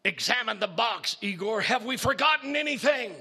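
A man voicing an excitable mad male scientist who shouts in a high, theatrical voice. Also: moderate pace, slightly rough, full character voice. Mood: scheming.

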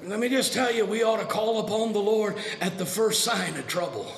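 A man pastor preaching a sermon to a congregation, swinging between soft and dramatic delivery. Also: high voice, normal speed, gravelly, echoey room. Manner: preaching with dramatic shifts, acting out voices. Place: church sanctuary.

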